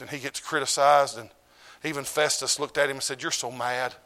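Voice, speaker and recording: A middle-aged preacher with a drawl delivers a sermon. His voice sits at an ordinary pitch for a man. He rises to loud, emphatic peaks, then drops to quiet, low asides. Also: steady tone, brisk, hardly any pauses. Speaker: pastor.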